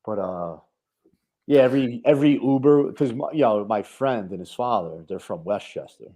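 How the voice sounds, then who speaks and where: A man's voice: medium pitch, animated, normal speed, warm tone. A man with a New York accent, co-hosting a casual podcast chat, swearing freely and leaning on "you know". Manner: laid-back, swearing, lots of "you know". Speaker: podcast co-host.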